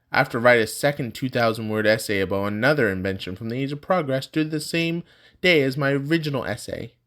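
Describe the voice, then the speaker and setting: A man's voice: mid-range voice, fairly bright tone, lightly acted. Man voicing a bitter young male student. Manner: bitter, brooding.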